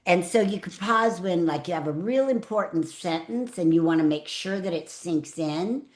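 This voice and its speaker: A middle-aged woman coaching public speaking over a call, in a lowish voice. She talks in a chatty, animated way and swings her tone up and down as she teaches. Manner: chatty, expressive, animated delivery with laughs. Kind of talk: live online coaching talk.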